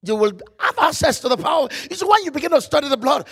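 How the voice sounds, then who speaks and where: A man preaching a fervent sermon, quoting scripture in old-style phrasing and breaking into shouts. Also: very high-pitched, very animated, fast.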